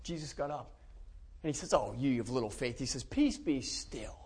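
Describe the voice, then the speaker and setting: Middle-aged Pennsylvania man with a high voice, folksy church testimony, chuckles as he goes. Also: slightly rough. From central Pennsylvania. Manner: folksy storytelling, warm chuckles, many restarts. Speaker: preacher giving testimony.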